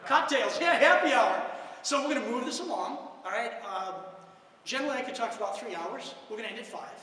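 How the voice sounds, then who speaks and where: Middle-aged male keynote speaker, a joking storyteller with a bright voice, miked from far off. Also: sits high, quick pace. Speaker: financial services conference speaker. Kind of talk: conference talk. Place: large conference hall. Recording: echoey hall, from far off.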